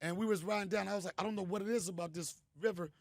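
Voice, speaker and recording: A middle-aged man, a comedian host, telling stories in a punchy, animated way. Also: high-pitched, racing, no echo. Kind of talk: storytelling monologue.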